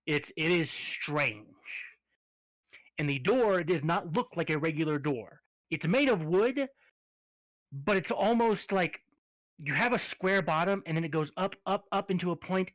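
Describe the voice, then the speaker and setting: Game master, male, bright and slightly high-pitched, descriptive narration. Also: lively intonation, no room sound, low-quality recording. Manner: descriptive, unhurried storytelling.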